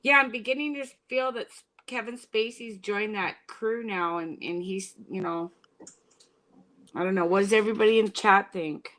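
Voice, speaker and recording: A woman with a raspy voice, chatting casually in an online group voice chat and asking the chat for opinions. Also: mid-range voice, moderate pace, fairly bright tone, poor audio.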